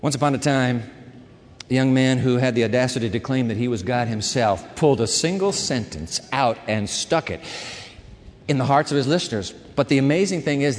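Emphatic preacher in an echoing hall. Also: male voice, medium pitch. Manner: emphatic preacher, repeats words, swings between quiet and loud. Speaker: pastor. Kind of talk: sermon. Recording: long hall reverb.

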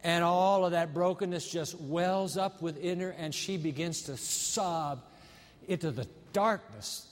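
A man preaches in a somewhat high voice, and his words ring out with a long hall reverb. He tells his story dramatically and slows right down on the moments that matter. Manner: dramatic storytelling, slowing down for emphasis. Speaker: pastor. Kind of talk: sermon.

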